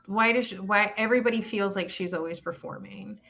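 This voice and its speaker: A middle-aged woman recaps reality TV on a podcast in a relaxed, gossipy ramble. She loops back, restarts her sentences and piles on asides. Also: mid-range voice, a little fast, gravelly, slight background noise. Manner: chatty, gossipy, trails off and restarts. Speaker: podcast co-host. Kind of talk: casual reality-TV recap chat.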